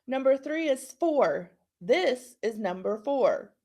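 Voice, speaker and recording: Slow, gravelly-voiced woman teacher. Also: sits high, big pitch swings, mellow. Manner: slow, clear instructional delivery with frequent checks. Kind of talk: recorded online class lesson.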